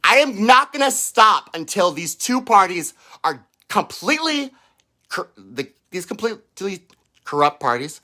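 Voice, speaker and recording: A man's voice: high voice, big pitch swings, measured pace, pushed and bright. A man ranting on a livestream, heated and profane, mocking his targets in put-on quotes. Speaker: political livestreamer. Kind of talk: angry livestream rant. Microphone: own microphone.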